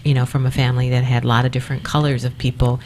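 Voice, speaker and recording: A woman from Compton, California, co-hosting an interview and asking thoughtful, halting questions with many fillers. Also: extremely low pitch, flat delivery, noisy background. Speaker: co-host.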